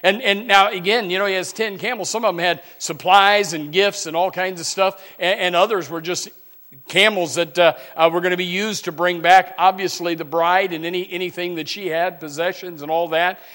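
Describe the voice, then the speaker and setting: Fervent preacher, loud then hushed. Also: male voice, high voice, fairly even intonation, moderate pace. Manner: many restarts and repeated words; reads scripture in old-fashioned wording. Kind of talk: sermon.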